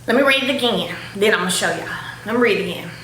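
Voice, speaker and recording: Animated woman ranting in an echoey room. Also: mid-range voice, rapid-fire, a little hiss or hum. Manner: animated, emphatic, repeats herself. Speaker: show host addressing critics. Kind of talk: casual direct-to-camera rant.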